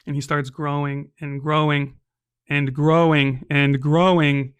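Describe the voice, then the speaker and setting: A man's voice: on the high side, flat delivery, slow, clear, resonant tone, no room sound. A man narrating a solo tabletop game as game master, casual and chatty, peppering his telling with "right?" and "um".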